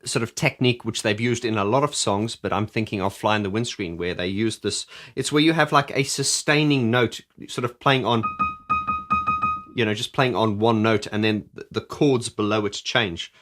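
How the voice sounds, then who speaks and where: Over faint background music, a man reviews an album and breaks down its keyboard parts, rambling eagerly with many restarts and occasionally singing along. His voice is lowish with a fairly bright tone, at normal speed.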